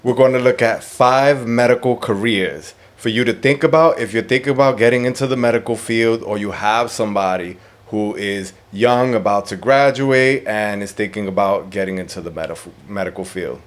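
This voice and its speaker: A man co-hosting a podcast, playful and teasing in casual chat. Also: lowish voice. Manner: playful, teasing, quick laughs. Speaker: podcast co-host.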